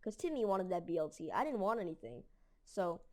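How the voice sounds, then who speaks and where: A woman's voice: lowish voice, very animated, fairly quick, darkish tone. A woman telling a story casually, rambling with lots of fillers and mild slang. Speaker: storytelling video creator.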